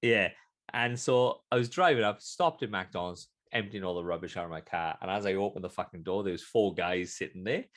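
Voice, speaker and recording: A man's voice: sits low, fairly quick. A man in his thirties from Britain, cohosting a casual podcast and telling stories with lots of swearing, on a desk microphone. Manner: animated, swearing storyteller. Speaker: podcast host. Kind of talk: casual chat. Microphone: desk USB microphone.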